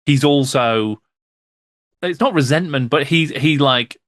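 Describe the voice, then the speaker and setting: A man's voice: medium pitch, measured pace, fairly bright tone, no room sound, studio quality. A man hosting a podcast, chatting casually about a film and agreeing with his guest. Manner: brief agreeing interjections. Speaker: podcast host.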